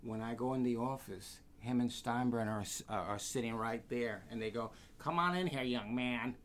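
Animated New male guest, storyteller, slips into other people's voices, faint room noise. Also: medium pitch, moderate pace. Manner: animated, acts out quoted voices. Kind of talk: casual anecdotes.

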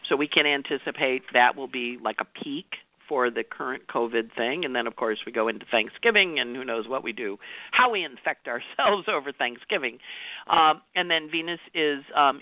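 A woman's voice: rumbling low, animated, moderate pace, no room sound. Chatty woman astrologer, tinny dry sound. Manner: chatty, laughs often, acts out quoted voices. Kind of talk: weekly astrology forecast talk.

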